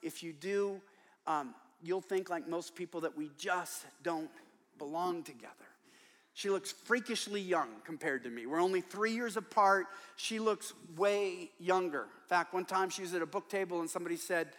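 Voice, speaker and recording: Preaching in a large church, an older man who is a conference speaker and author tells stories with humor and emphasis. His voice sits high and fairly bright, at a moderate pace, with the sound of a large hall.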